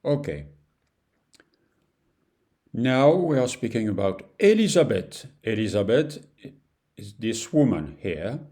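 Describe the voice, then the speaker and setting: A man with a French accent, a native speaker, leads a beginners' lesson at an unhurried pace. His voice sits low and mellow, and he repeats each phrase patiently in simple, slightly broken English. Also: sing-song. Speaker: French teacher. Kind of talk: slow beginner language lesson.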